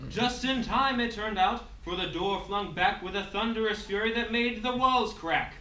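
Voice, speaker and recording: High-voiced man narrating a rhyme. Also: normal speed. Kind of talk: rhyming storybook narration in a skit. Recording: noisy echoey room from far off.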